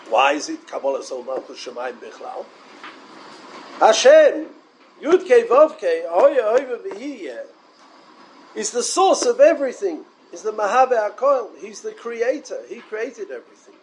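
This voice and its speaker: A man giving a Torah lecture, animated and full of rhetorical questions, mixing in Hebrew and Yiddish terms. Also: high voice, a little slow, pauses often, slight background noise, low-quality recording. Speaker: rabbi.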